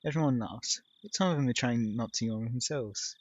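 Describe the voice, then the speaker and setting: A let's play host reading game text aloud and tossing in relaxed, wry remarks. His voice is husky and mid-pitched. The recording is dry and a bit dull, like a basic home mic. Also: moderate pace, no echo.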